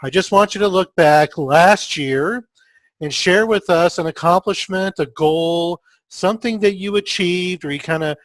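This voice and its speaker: Man, interview host, high voice, friendly, chatty, dry close sound. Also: a little slow, no echo. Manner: friendly, chatty, uses fillers. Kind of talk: casual interview talk.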